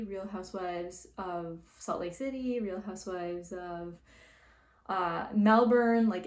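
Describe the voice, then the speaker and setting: A woman's voice: mid-range voice, a little mellow, reverberant. A young woman with a Canadian accent, hosting a casual explainer video and talking chattily with many fillers. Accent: Canadian English. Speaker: linguistics video host.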